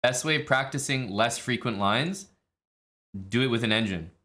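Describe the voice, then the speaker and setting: A man talks through chess moves on a live stream in a loose, blunt way, swearing freely and voicing his own inner questions. His voice is bright and forceful at a middle pitch. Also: normal speed.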